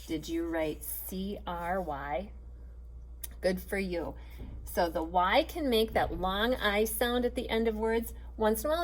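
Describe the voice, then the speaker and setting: A woman teaching a children's phonics lesson, patiently spelling out letters and sounding out words with plenty of encouragement. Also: mid-range voice.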